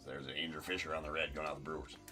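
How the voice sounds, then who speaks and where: A man's voice: rumbling low, level tone, very fast, over music. A man hosting a live card break stream, calling out pulled cards and bantering with viewers in chat.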